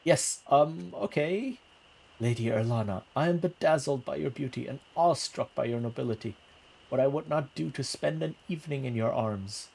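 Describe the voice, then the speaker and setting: A man voicing a bumbling, lovestruck young male bard who stammers and talks in a higher, flustered voice. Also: moderate pace, gravelly, a little mellow, slightly rough. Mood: nervous.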